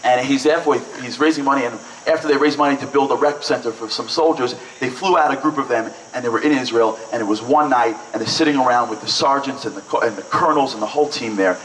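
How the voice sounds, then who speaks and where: A man from Brooklyn, telling lively, joking stories to an audience with lots of "like"s. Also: medium pitch, fast talker, few pauses, a little hiss or hum. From Brooklyn, New York. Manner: lively, joking, chatty with many "like"s. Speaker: event speaker. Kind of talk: storytelling speech to an audience. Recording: echoey hall, mic at a distance.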